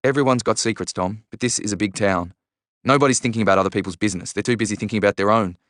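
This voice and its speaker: A man's voice: on the low side, very fast, fairly bright tone, no room sound, studio quality, lightly acted. A man voicing a blunt, easygoing young man who talks with matter-of-fact reassurance. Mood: steady.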